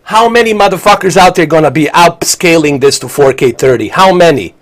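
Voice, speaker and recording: A man's voice: on the high side, brisk, a bit bright. A man, ranting angrily and profanely while live-streaming a game. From Bosnia. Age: 40s. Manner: angry, profane, combative.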